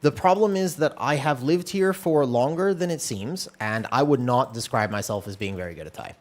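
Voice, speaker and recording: A laid-back man streams a game from his room at home and talks it through in easy, meandering chat. His voice sits at an ordinary middle pitch, and he pokes fun at himself as he goes. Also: moderate pace. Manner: relaxed, rambling, self-deprecating. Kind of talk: casual live-stream chat while gaming.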